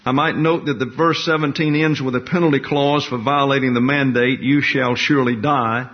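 A man teaching a Bible lesson in a slow, deliberate, explanatory way, repeating key words for emphasis. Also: mid-range voice, fairly even intonation. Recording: dull lo-fi recording.

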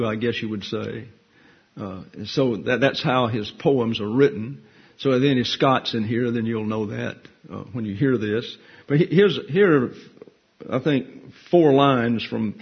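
A man delivers a conversational sermon full of self-deprecating jokes. His voice is slightly husky and sits at a middle pitch. The recording sounds dull and lo-fi. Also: measured pace. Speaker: pastor teacher. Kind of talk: folksy sermon.

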